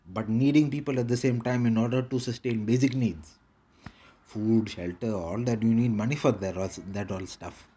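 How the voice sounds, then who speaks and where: A man's voice: medium pitch, warm tone, husky, muffled recording. A man rambling in a casual monologue with a put-on Indian English accent, repeating short clipped broken-English phrases. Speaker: vlogger.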